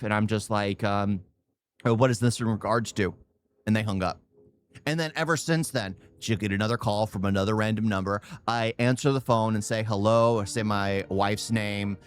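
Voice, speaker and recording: A man hosting a reaction video, rambling casually and chuckling as he talks. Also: medium pitch. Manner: rambling, self-interrupting, chuckles often.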